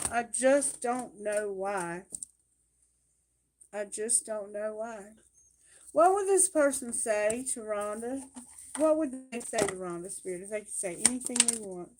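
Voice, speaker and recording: A woman doing a live tarot reading, talking bluntly and emphatically, swearing freely and asking Spirit questions out loud. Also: fairly high pitch, background noise. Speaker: tarot reader.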